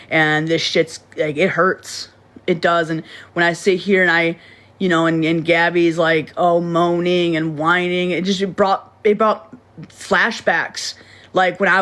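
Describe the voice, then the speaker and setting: A woman's voice: lowish voice, a bit bright. Rambling woman livestreaming to viewers. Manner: rambling, repeats words and restarts often; blunt and swears freely. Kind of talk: casual livestream chat to viewers.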